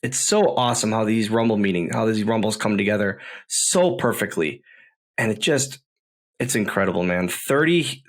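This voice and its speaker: A man's voice: medium pitch, a bit bright. A man hosting a podcast, telling wrestling stories in an enthusiastic, rambling way and often repeating himself. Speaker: podcast host, former wrestler. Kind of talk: casual podcast storytelling.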